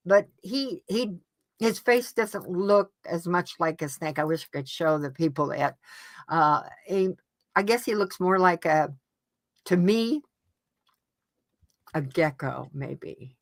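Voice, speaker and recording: A woman as an interview guest, recounting a personal experience in an earnest, halting way with frequent restarts. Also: medium pitch, pushed and bright, no room sound. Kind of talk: casual personal storytelling.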